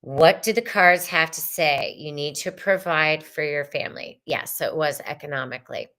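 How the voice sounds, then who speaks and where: A woman's voice: low-pitched, moderate pace, bright, forceful tone. A middle-aged woman, hosting a live tarot reading, effusive and chatty, swearing casually and calling viewers y'all and sister.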